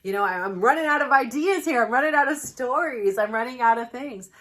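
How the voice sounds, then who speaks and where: A woman's voice: on the high side, expressive, brisk, a bit bright. A woman and mother talking to camera in a rambling, earnest self-help vlog, heartfelt and full of filler words. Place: home, new plain backdrop.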